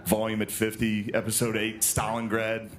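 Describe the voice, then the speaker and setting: A man doing a stand-up monologue on a TV studio stage, telling deadpan, self-deprecating stories to a live audience. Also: lowish voice, moderate pace. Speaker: stand-up comedian. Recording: broadcast audio with audience noise.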